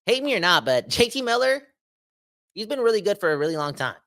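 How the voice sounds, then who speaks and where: A Canadian man hosting a sports podcast solo, talking in an animated, slangy, emphatic way and repeating himself for effect. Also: high voice, fairly quick. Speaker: podcast host. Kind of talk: casual sports podcast rant.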